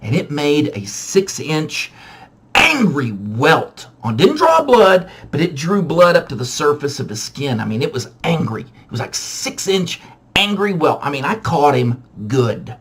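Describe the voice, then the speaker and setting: A man casually telling a funny true story from his childhood, animated and self-mocking, with frequent restarts. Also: fairly high pitch, measured pace, breathy edge.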